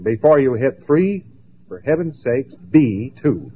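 A man giving a lecture, emphatic and dramatic, with long pauses and mocking asides. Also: mid-range voice, very animated, slightly rough. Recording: tinny lo-fi old recording.

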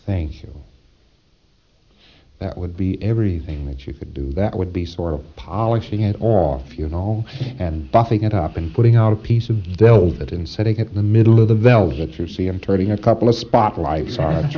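A man's voice: low voice, expressive, brisk, slight background noise. A man giving a recorded lecture to trainees in a folksy, wry manner, chuckling often and acting out little exchanges. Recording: dull lo-fi old tape.

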